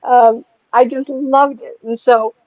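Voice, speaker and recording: An older woman, a psychic medium, telling anecdotes in a chatty, animated way and laughing often as she talks. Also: on the high side, slow pace, no echo. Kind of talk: casual storytelling in an interview. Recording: dry, slightly dull lo-fi sound.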